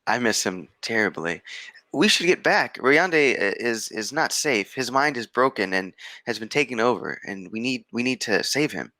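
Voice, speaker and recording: A man playing his character in a tabletop game, excited and stammering with restarts. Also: on the low side, normal speed, hardly any pauses, no echo. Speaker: player. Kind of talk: in-character tabletop role-play.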